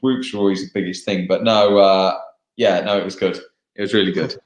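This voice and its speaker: A young English man, a motocross racer, chatting casually in a live interview, laughing and pausing on fillers. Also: low-pitched, steady tone. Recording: echoey room.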